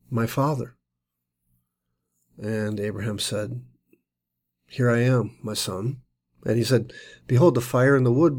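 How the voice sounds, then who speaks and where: A man delivers a Bible teaching in an earnest, explanatory manner. His voice sits at a middle pitch, and he often stumbles and restarts his phrases as he works through the text. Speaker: Messianic teacher.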